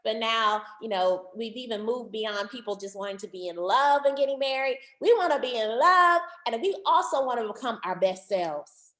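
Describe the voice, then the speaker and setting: A woman marriage counselor giving an online workshop talk, animated and repeating words for emphasis, calling her listeners family. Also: a little high, moderate pace, hardly any pauses, echoey room.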